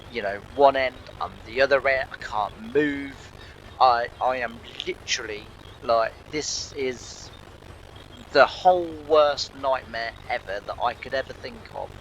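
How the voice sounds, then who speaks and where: A man tells a personal story in a rambling, halting way, full of restarts. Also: medium pitch, sharp tone, a little hiss or hum, low-quality recording. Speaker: farming game channel host.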